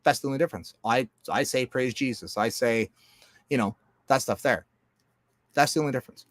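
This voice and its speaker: A man talking in a loose, profane, rambling monologue, jumping between loud outbursts and low mutters. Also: fairly quick, long pauses, no room sound, clean studio sound. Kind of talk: casual monologue.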